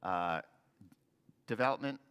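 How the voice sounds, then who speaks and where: A man's voice: lowish voice, lively intonation, takes it slowly, fairly bright tone, smooth. A man, a local developer, presenting slides to an audience with earnest, restart-filled explanations. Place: meeting hall with audience. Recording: long hall reverb.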